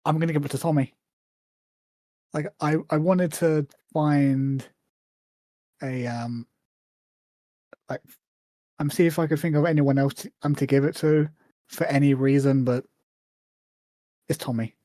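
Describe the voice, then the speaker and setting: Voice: medium pitch, steady tone, unhurried, long pauses, dark tone, no room sound. A podcast co-host recapping episodes casually, often hesitating with ums and dry asides. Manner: hesitant, lots of ums, wry.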